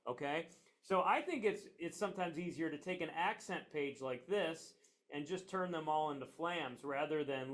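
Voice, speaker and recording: Middle-aged guy teaching drums, kinda high voice, chatty, lots of ums, classroom. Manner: relaxed, chatty, with many fillers and tag questions. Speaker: percussion teacher. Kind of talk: classroom lesson. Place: classroom near a train line.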